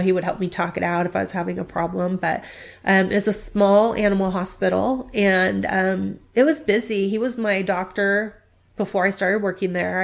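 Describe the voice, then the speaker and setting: A middle-aged woman with a gravelly, creaky edge to her voice, speaking at a middle pitch. She talks through her story in a casual interview, rambling and chatty and often restarting mid-sentence. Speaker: veterinary clinic staff interviewee.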